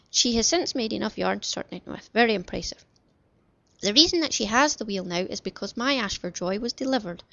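A woman's voice: medium pitch, gravelly, dry recording. A woman hosting a chatty craft podcast from her bedroom at home, cheerful and rambling with self-deprecating asides. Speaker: podcast host. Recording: slightly dull lo-fi home recording.

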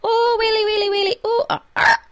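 A woman's voice: animated, brisk. A woman reading aloud and voicing a dim, timid little Scottish man who wails anxiously. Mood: wailing. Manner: squeaky, anxious wailing. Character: dim-witted little male Scottish pictsie, nervous and timid. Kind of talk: storybook reading.

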